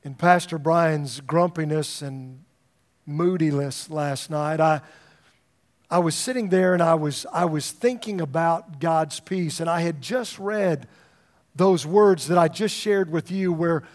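A man's voice: on the high side, unhurried. A middle-aged man, a pastor, preaching a sermon in a conversational storytelling way, often repeating words as he starts a thought.

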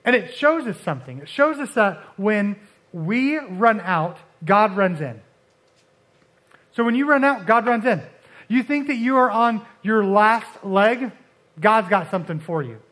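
A man preaching a casual, conversational sermon, often restarting and dropping suddenly soft for emphasis. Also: high-pitched, lively intonation, measured pace. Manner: conversational, uses filler like and restarts, dramatic drops to soft.

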